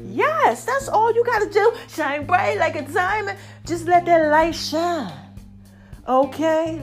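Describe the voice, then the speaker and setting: A woman giving an animated faith-based pep talk to her viewers, preachy and chatty, calling them y'all. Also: high voice, slow, soft background music. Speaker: vlogger.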